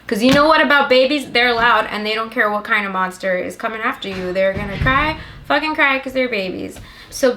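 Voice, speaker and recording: A woman's voice: medium pitch, pushed and bright, slight background noise. A young woman recapping a movie in a rambling, sarcastic comedy style, swearing constantly. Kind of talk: profane comedic plot recap.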